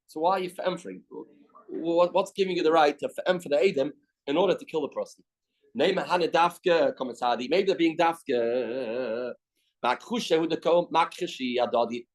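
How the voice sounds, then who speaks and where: A man teaching a daily Talmud class. He reads Aramaic phrases and explains them in quick English, often repeating the key phrases. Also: a little high, low-quality recording. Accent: Canadian.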